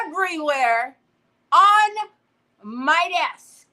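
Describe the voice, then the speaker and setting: A middle-aged woman hosting a crafting livestream, telling a story with animated energy and greeting viewers by name. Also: sits high, measured pace, low-quality recording.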